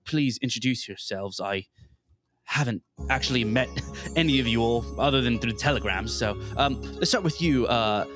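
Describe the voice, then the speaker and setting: A man voicing a sweaty middle-aged gentleman who eagerly welcomes guests to a dinner table. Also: medium pitch, over music, natural voice. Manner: eager, hurried, over-polite.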